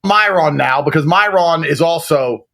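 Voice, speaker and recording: A man's voice: fairly high pitch, unhurried, creaky, bright, forceful tone. A British man in crude, laughing podcast banter.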